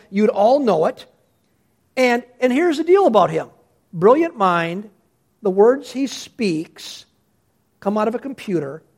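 A male pastor preaching a sermon in a lively, conversational way, often restarting his sentences. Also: high-pitched.

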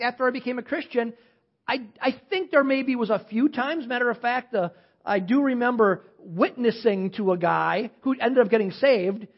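A man in his fifties preaching a sermon as pastor, animated, swinging from loud emphatic questions to quiet low asides. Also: breathy edge, highs cut off.

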